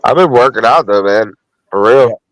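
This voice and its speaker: A man's voice: medium pitch, normal speed, fairly bright tone, no room sound, rough recording. A man in casual chat, telling crude, laughing stories with lots of swearing.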